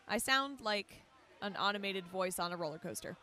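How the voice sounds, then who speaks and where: Bright-voiced young woman calling water polo. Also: mid-range voice, animated, moderate pace. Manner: chatty, self-deprecating asides, corrects her own slips. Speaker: play-by-play commentator. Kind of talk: live sports commentary. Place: poolside at a water polo match.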